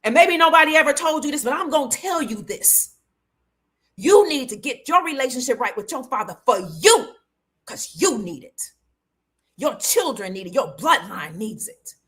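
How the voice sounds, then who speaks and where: A woman's voice: high voice, very animated, moderate pace, fairly bright tone. A woman in her forties telling a personal story with an emotional, preacher-like cadence and repetition. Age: 40s. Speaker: host.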